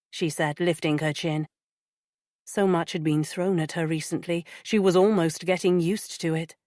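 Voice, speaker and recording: Low-voiced woman narrating a thriller. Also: normal speed, dry recording, studio quality. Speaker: audiobook narrator. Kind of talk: scripted narration.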